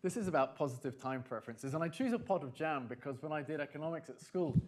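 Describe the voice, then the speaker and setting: A man giving a conference talk, animated and emphatic, repeating his key phrases for effect. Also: on the high side, fast talker. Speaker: conference speaker.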